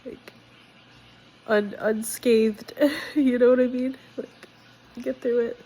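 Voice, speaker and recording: Young woman vlogging, kinda husky and mellow, talking straight from the heart while sick. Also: fairly high pitch, steady tone, slow pace, rough recording. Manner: direct, candid, emotional. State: sick, congested. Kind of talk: casual personal vlog.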